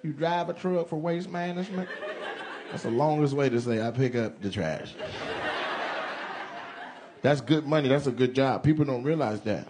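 On a comedy club stage, a man with a voice on the high side talks fairly quickly, doing crowd work and teasing audience members with playful banter. The live club is loud with crowd laughter, and there's slight background noise.

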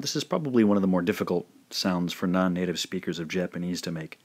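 Slowly and with care, a man with a deep voice models each syllable of a recorded language lesson, repeating each one two times.

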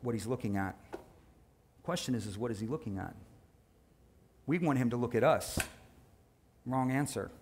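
A male pastor preaching a sermon in a lively, conversational way, with quick asides and sudden shifts in volume. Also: medium pitch, slight background noise.

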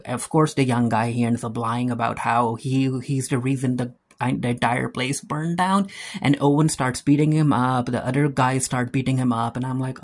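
Chatty guy recapping a tv episode, mid pitch, says like a lot, acts out the lines. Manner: chatty, many "like"s, acts out quotes. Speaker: TV show reviewer.

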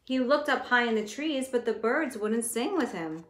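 A woman teacher reading a picture book aloud in a gentle, expressive way, talking to her listeners as she goes. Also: on the high side, moderate pace. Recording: echoey room with faint noise.

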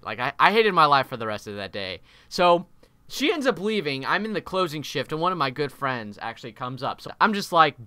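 A young man narrating an animated storytime video in an exaggerated, swearing, animated way. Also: fairly high pitch, a little fast, dry recording. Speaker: YouTube storyteller.

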